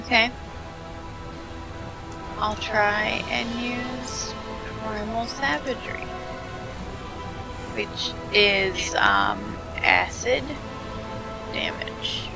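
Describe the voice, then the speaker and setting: Slow, gravelly-voiced woman player. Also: on the high side, expressive, music in the background, poor audio. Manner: slow, hesitant, thinking aloud. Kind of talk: casual tabletop game chat.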